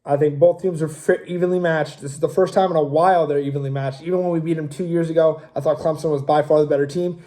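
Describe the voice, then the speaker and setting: A young man with a fairly high voice holds forth on his own show, rambling through opinionated predictions in a loose, casual manner. He circles back to his points, hedges, then commits hard. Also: fairly even intonation, fast, few pauses, dark tone. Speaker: show host. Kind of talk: casual sports talk.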